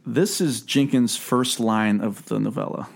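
A man hosting a casual podcast chat about a book, sarcastic and quick to laugh, reading quotes aloud. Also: fairly low pitch, creaky. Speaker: podcast host.

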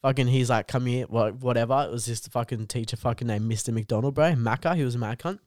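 A man's voice: medium pitch, fast talker, no room sound, studio quality. A young Australian man telling a rambling, sweary story on a podcast, saying dude constantly and laughing as he goes. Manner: animated, laughs through own story. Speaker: comedian guest.

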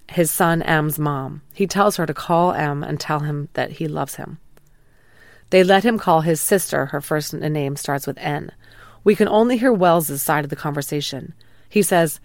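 A woman hosting a true crime podcast, calmly reading a scripted retelling of a police interrogation. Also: sits low, no echo. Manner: calm, measured retelling of an interrogation, quoting lines plainly. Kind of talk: scripted narration.

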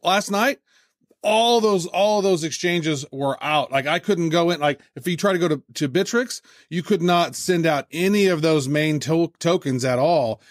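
A man's voice: on the high side, dry recording, studio quality. A man co-hosting a casual podcast, talking enthusiastically with lots of fillers. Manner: enthusiastic, fast, many fillers. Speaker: podcast co-host.

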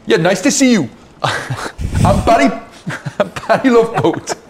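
A man's voice: sits high, lively intonation, slow, echoey room, noisy background, pitched above the performer's own voice, heavily acted. A man voicing a cheerful male ship's bosun with a put-on Geordie accent. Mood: cheery.

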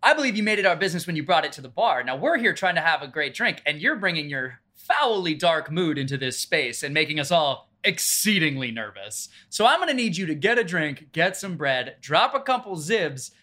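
A brash adventurer who talks back quickly and boldly, played by a man at a game table. His voice is bright, and his pitch jumps around a lot. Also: very animated, full character voice. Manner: quick, bold and mocking. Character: brash male adventurer confronting a stranger.

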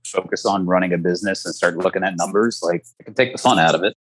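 A man's voice: low voice, fast talker, slight background noise, rough recording. A man, a chef, talking candidly in a casual interview, rambling a little and swearing now and then. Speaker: chef guest.

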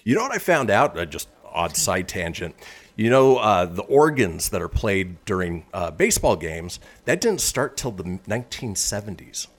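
A man's voice: fairly low pitch, sing-song, moderate pace. A man hosting a radio show, reading this-day-in-history items in a casual chat and laughing often.

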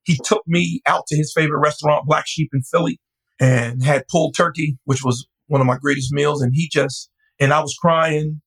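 A middle-aged male pastor recounting his story in an interview, animated and quick to act out voices. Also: fairly high pitch, breathy edge, rough recording. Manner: animated, laughing, acts out voices.

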